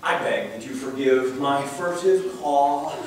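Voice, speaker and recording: A man's voice: medium pitch, takes it slowly, a little hiss or hum, lightly acted. An actor playing a foppish, vain young male dandy on stage, declaiming rhymed verse flamboyantly and breaking into sung snatches. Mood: preening. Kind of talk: live theatrical verse monologue. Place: university hall with a live audience. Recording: very echoey hall, heard from far off.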